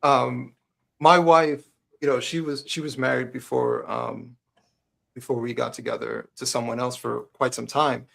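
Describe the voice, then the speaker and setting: A man's voice: medium pitch, little pitch movement, a little slow, vocal fry, a bit bright. A married man, a guest on a talk show, telling a personal story frankly and earnestly. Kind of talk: casual conversation.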